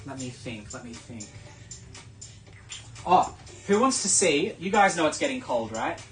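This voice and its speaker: Australian male live-sale host, mid-pitched, chatty and filler-heavy, faint music behind. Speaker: live-stream shopping host. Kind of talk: live sales stream chat.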